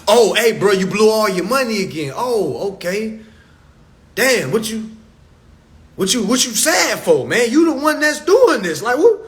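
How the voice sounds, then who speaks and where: A man's voice: very high voice, fairly bright tone. A man ranting on a live stream to followers, profane and preachy, mocking people as he lectures. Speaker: social media commentator. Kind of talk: instagram live rant. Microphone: phone on a live stream.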